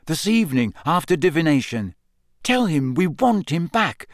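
A man pitches his voice higher than his natural one, with big swings in pitch at a moderate pace, to play an angry teenage schoolboy hero who snaps in heated outbursts. The recording is dry, with clean studio sound.

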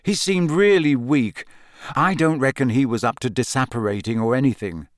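A man's voice: mid-range voice, moderate pace, no echo, studio quality, lightly acted. A man voicing a troubled, earnest teenage boy in an audiobook, speaking wearily with some bitterness. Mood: weary. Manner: earnest, weary, a bit dull and bitter. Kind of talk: audiobook character voice.

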